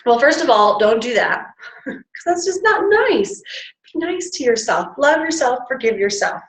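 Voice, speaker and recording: A woman's voice: on the high side, lively intonation, normal speed, fairly bright tone, reverberant, poor audio. A woman giving a chatty motivational talk to a live audience, demonstrating breathing with sighs. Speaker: wellness workshop presenter. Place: standing before an audience in a room.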